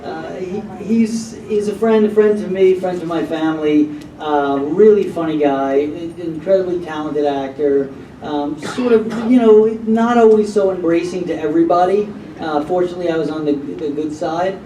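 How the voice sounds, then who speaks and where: A man's voice: a little high, normal speed, mellow. A man on a convention panel telling a rambling anecdote and acting out what others said, heard in a large hall. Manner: rambling storyteller who acts out quotes. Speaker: panel guest. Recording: roomy convention hall from far off.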